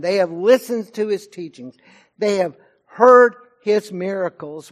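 A male pastor delivering a sermon in a fairly high voice. He speaks slowly and deliberately, letting his intensity swell and then drop back down. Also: fairly bright tone. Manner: preaching with rising and falling intensity.

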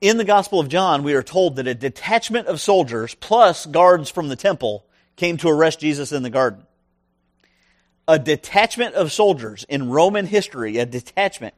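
A man's voice: fairly high pitch, lively intonation, moderate pace. A man preaching a sermon who reads a scripture passage aloud and then explains it, stressing his points and checking in with the listeners. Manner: emphatic, asks the listeners questions.

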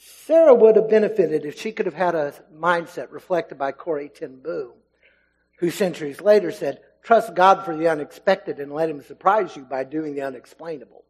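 A man preaching a sermon in a church. He talks in an animated way, swinging between loud and hushed, and acts out the voices of the people in the story. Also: a little high, moderate pace, slightly rough, rough recording.

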